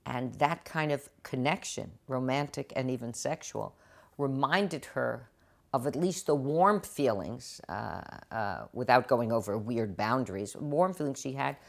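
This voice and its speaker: Older actress guest, deep low voice, expressive storyteller. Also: female voice, measured pace, gravelly. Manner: animated, acts out quotes in different voices. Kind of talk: interview storytelling. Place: TV studio.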